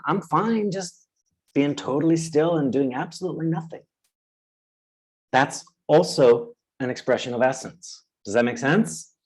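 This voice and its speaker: A man leads a webinar with a voice that sits somewhat high. He explains ideas patiently, breaks into high, panicky cries to act out inner voices, and keeps asking whether it makes sense. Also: a little mellow, poor audio. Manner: checks in often with the audience. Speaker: webinar presenter. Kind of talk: webinar teaching.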